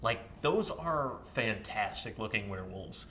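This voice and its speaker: A man co-hosting a casual film podcast, talking excitably and saying "like" a lot. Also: on the low side, unhurried, a little hiss or hum. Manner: excitable, fills speech with "like". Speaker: podcast co-host.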